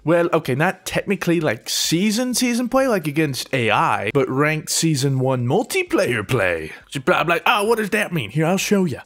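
A young man commentating his own gameplay, excitable and self-mocking, yelping and laughing at the plays. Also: mid-range voice. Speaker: gaming YouTuber.

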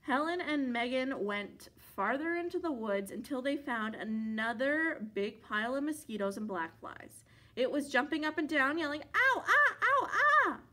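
A woman from a library reading a children's picture book aloud, expressive and playful, with funny sound effects. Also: high voice, moderate pace. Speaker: library storyteller.

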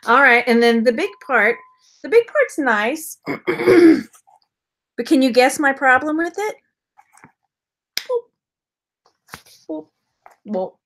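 A woman's voice: fairly high pitch, a bit bright. A woman chatting casually on a live stream, playful and rambling, throwing in silly sound effects. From Texas. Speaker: vlogger unboxing purses.

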